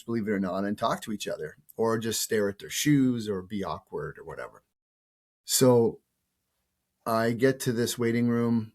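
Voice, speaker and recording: A man in his fifties, a show host who is sick with a cold, telling a personal story in a casual, rambling way with restarts and the odd swear word. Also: fairly low pitch.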